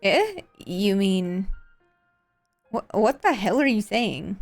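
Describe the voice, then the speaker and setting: A prickly young woman scientist who stammers, argues and hides her feelings behind technical jargon, as a woman streamer reads her lines. Her voice sits in a middle pitch and sounds dry and close, with faint music underneath. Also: very animated, slow, no room sound, heavily acted. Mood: flustered. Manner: stammering, defensive, rattles off jargon.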